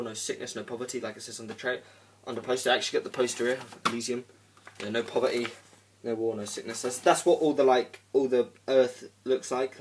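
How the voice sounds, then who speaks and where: The voice sits at an ordinary middle pitch, and the mic is set a little back from him. A young man talks through a film review in a loose, rambling way, filling gaps with "um" and "like" and swearing now and then. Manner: rambling, full of "um" and "like", casual swearing. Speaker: movie reviewer. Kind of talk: casual spoken film review. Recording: voice a bit distant from the mic.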